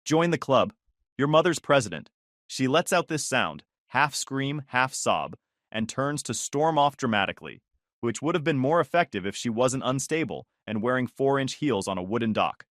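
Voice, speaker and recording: Sardonic male storyteller, lively pitch. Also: normal speed, dry recording, clean studio sound. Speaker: narrator. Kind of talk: first-person story narration.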